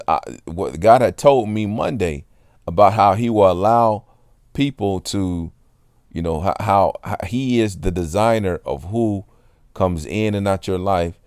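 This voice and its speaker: A man with a fairly low voice tells a personal faith testimony in a loose, conversational way. He rambles earnestly and keeps turning to the listener to check they understand. The sound is dry, with no room echo. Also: a little mellow, clean tone. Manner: earnest, rambling, keeps asking "you know what I'm saying". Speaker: Christian testimony speaker; water delivery driver. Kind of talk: casual spoken testimony.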